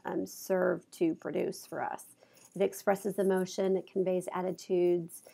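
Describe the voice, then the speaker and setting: A woman lecturing in a gravelly, low, flat voice, a little stuffy from allergies. She talks in a loose, conversational way, full of examples and small fillers. Her tone stays dark and mellow. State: congested from allergies. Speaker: college instructor. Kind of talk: recorded lecture. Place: office. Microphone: clip-on mic.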